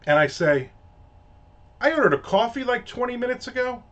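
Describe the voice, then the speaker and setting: A man's voice: very high-pitched, big pitch swings, normal speed, a bit bright. A man hosting a casual ranting monologue, telling a story in a profane, exasperated way. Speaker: host. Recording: dull lo-fi audio.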